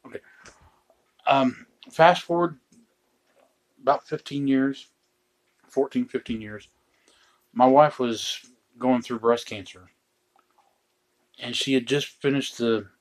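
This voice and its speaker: A man's voice: mid-range voice, a little slow, pauses often. Middle-aged man telling wry stories. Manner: dry, joking, deadpan asides. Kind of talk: casual storytelling chat.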